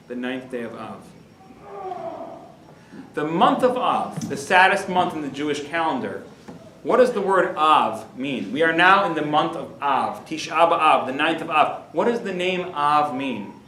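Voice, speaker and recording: A rabbi recounting a story with animated, dramatic delivery in a slightly higher voice. His words carry through a roomy, echoing hall with a faint hum underneath. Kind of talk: storytelling lecture.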